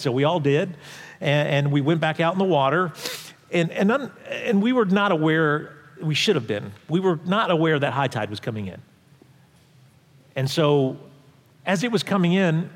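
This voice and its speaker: A male pastor tells a story from the pulpit in a casual, halting way, often restarting his sentences. His voice sits a little high for a man. The sound rings with a long reverb from the hall. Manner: conversational, halting with restarts, drops quiet for tense moments. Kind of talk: sermon storytelling.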